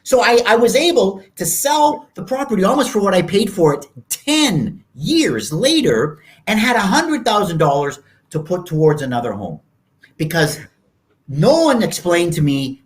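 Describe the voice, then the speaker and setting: A man in his sixties from Canada, a guest telling stories in an animated, casual way, often acting out other people's voices. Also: high voice, moderate pace. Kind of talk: casual storytelling interview.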